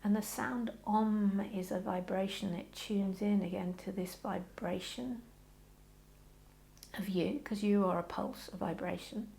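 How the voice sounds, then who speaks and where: A yoga teacher guides her class in a gentle, reassuring way, her middle-pitched voice gravelly and touched with vocal fry. Her tone stays steady as she chats warmly between slow, soft breathing cues, saying "okay" often.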